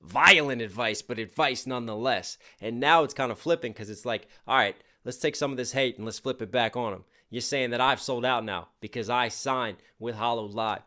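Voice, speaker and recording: A man's voice: mid-range voice, moderate pace, few pauses, sharp tone. A man hosting a music reaction channel, chatting casually and eagerly picking apart the lyrics as he thinks aloud.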